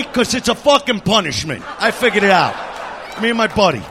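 A man doing a crude, aggressive stand-up rant with shouted bursts. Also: sits high, big pitch swings, a little fast, a faint crowd, slight background noise. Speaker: stand-up comedian. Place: comedy club stage.

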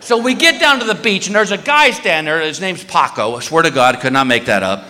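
A man's voice: a little high, fast, slight background noise. A man doing stand-up comedy, telling a story and acting out the people in it with big screams. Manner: animated, acting out voices and screams. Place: comedy stage before a live audience. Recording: echoey venue with long reverb.

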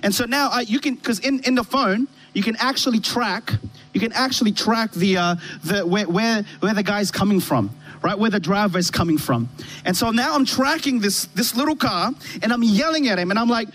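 Guy preaching on a church stage, pretty high voice, animated story, keeps restarting lines. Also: normal speed. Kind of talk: sermon.

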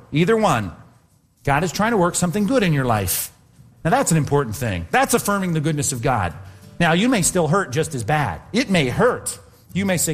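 A male pastor preaching a sermon, emphatic and repeating words as he builds his points. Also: on the high side.

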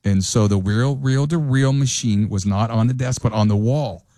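A man's voice: medium pitch, normal speed, warm tone, no echo. A male radio host casually telling a story from his early days, rambling and correcting himself as he goes. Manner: rambling, self-correcting, chuckling.

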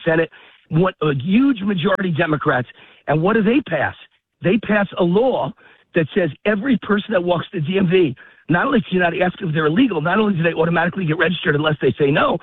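Brief: higher-pitched, husky man, winded on a walk, fired-up talk-radio guest on a tinny phone line. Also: dry recording. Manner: fast, heated ranting with rising emphasis. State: out of breath, walking a dog. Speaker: guest commentator. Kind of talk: political talk radio interview. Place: outdoors in a park, walking. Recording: phone-line call, dry.

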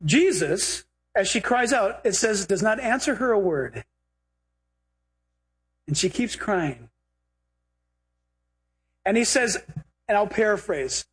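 Male pastor preaching, high voice, really animated, jokes around. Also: slow pace, long pauses, breathy edge. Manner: animated, humorous storytelling with acted quotes. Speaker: pastor and Bible teacher. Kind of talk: sermon.

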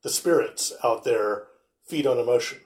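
A man's voice: mid-range voice, normal speed, a little mellow. A man in casual conversation, telling anecdotes in a wry way. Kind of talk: casual chat.

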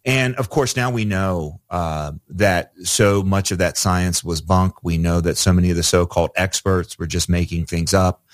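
A man's voice: low-pitched, moderate pace, few pauses, dry recording. A man speaking as a radio interview guest, earnest and conversational, with frequent fillers and restarts. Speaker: radio guest, ministry president.

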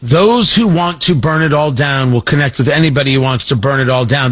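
A man hosting a talk radio show, giving an emphatic, mocking political commentary monologue with drawn-out stresses. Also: medium pitch, a bit bright, faint music behind.

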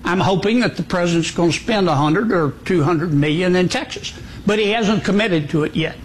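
A senator, a man with a notably high voice, speaks in a plain, unhurried way. He fills his pauses with ums as he works through his points in a played interview clip. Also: a little hiss or hum.

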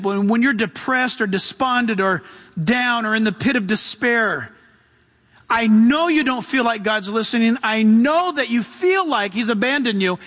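Male pastor, high voice, animated sermon delivery. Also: in a large hall. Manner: animated preaching, acting out voices, swings loud and hushed.

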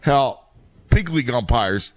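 A man's voice: mid-range voice, expressive, a little slow, no echo. A middle-aged man who coaches youth baseball, chatting casually and rambling with many restarts. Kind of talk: casual chat.

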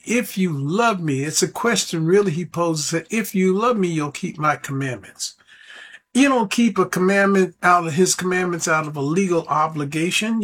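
A man's voice: sits high, a bit bright. A man preaching a radio sermon, earnest and pleading with his listeners.

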